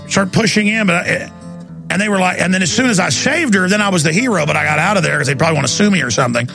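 A man, hosting a talk radio show and ranting heatedly, with fast bursts and repeated words. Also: high-pitched, creaky, pushed and bright, faint music behind. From Texas.

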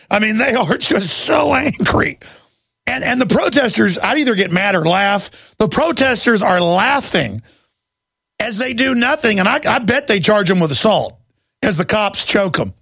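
Gravelly, ranting talk radio man. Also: high voice, sing-song, moderate pace, a bit bright, no echo, clean studio sound. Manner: ranting, impassioned, rough-voiced. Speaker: radio talk show host. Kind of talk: heated talk radio monologue.

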